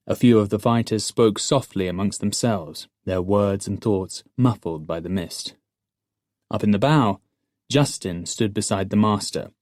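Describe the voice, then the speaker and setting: A man narrating a fantasy audiobook in the first person, in a measured storytelling manner. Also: lowish voice, a little mellow, no echo, studio quality.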